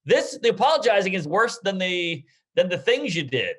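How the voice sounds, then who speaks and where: A man's voice: high-pitched, brisk, few pauses. A man co-hosting a comedy podcast, telling casual stories and jumping into voices for the people he quotes. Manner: animated storytelling with jumpy voices for quoted people.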